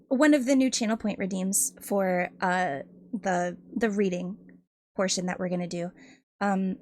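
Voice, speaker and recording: Woman streamer, kinda high voice, takes her time, giggles a lot, dry close sound. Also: no room sound. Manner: giggly, laughs often between phrases; hesitant, many ums and restarts, admits nervousness. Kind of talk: casual stream chat.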